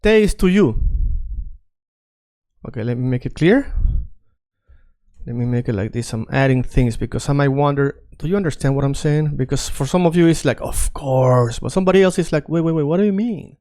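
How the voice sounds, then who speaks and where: A man's voice: mid-range voice, expressive, brisk, darkish tone. A man teaching a casual online lesson, chatty and prone to repeating himself while he works on screen. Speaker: Spanish teacher.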